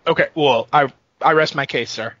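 A man co-hosting a casual sports podcast, animated and jokey, laughing often. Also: fairly high pitch, normal speed, no room sound. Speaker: podcast co-host. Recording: dull lo-fi dry sound.

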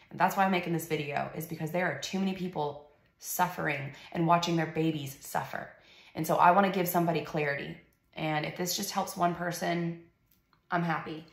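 Earnest young mother with a gravelly voice. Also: lowish voice, animated, fairly quick, echoey room. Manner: earnest, emotional storytelling with casual fillers. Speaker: mother sharing her story. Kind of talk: personal testimony vlog.

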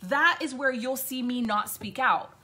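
A woman's voice: high voice, a little slow, sharp tone. A woman host giving an impassioned, blunt monologue, swearing often and repeating points for emphasis. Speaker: podcast host.

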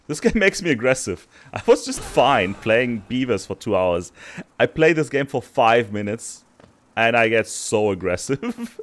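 A man commentating his own gameplay, cursing in frustration and swinging between loud outbursts and low muttering. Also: big pitch swings, measured pace. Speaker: gaming streamer. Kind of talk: let's play commentary.

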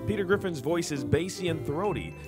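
A man's voice: a little high, expressive, a little fast. A man giving upbeat, announcer-like scripted narration for a vlog. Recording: narration over music.

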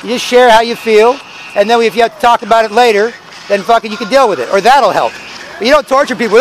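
A man's voice: very high-pitched, quick pace, low-quality recording. A man giving a rambling, profane, preachy monologue outdoors on city streets. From Canada. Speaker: street vlogger. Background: faint traffic.

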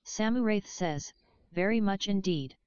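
A synthetic woman's voice reading chat messages aloud in an even, mechanical way. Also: medium pitch, measured pace, clean tone, dry recording, muffled recording. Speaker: text-to-speech chat reader.

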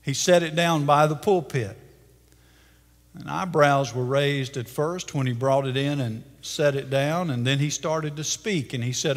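A male pastor preaching a sermon, telling a story with dramatic pacing and closing in a hushed prayer. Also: on the high side, a little slow. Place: church sanctuary. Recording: long church-hall reverb.

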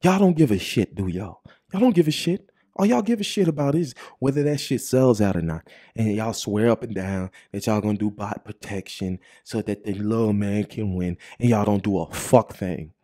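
A young man hosting a vlog, ranting angrily and swearing constantly, with a husky voice and repeated "bro" tags. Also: on the low side, animated, moderate pace, dark tone. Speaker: vlog host.

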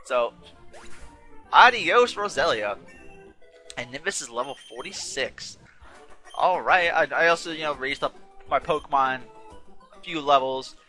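A man with a very bright, forward voice talks over a video game, chatty and rambling, often restarting his sentences. He sounds a little tired, with game music faint behind him. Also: medium pitch, normal speed, long pauses. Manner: rambling, self-correcting, chatty. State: yawning, a bit tired. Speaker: let's play host. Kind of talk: casual gameplay commentary.

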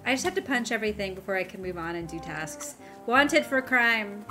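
A woman's voice: mid-range voice, big pitch swings, brisk, pushed and bright. Giggly woman streamer over game music. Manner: playful, giggly, exclaiming. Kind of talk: live game commentary.

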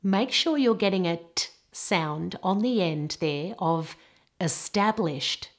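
Slow, deliberate female pronunciation teacher. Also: fairly low pitch, expressive. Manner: clear, deliberate model pronunciations. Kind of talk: scripted pronunciation lesson.

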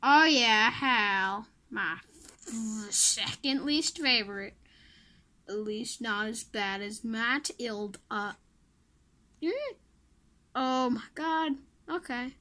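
Slow-talking woman muttering over a game. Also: a little high, sharp tone. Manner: self-mocking, pleading with the game, muttering asides. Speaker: gamer playing a mobile game. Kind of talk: casual gameplay commentary.

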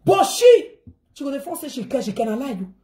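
A woman's voice: high-pitched, sing-song, fairly quick. A woman speaking Nigerian Pidgin English, telling a family story to her viewers in a dramatic way and acting out the voices of others. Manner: dramatic, acts out quoted voices, swings between shouting and murmuring. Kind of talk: animated storytelling.

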